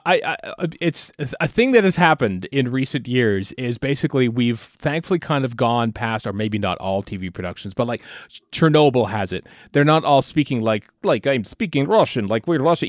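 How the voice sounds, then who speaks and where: A man co-hosting a casual watch-along podcast, his voice at a middling pitch and recorded dry and close. He talks in a rambling way, restarting his sentences as he goes. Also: no room sound. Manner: rambling, self-interrupting. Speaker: podcast co-host. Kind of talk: casual commentary chat.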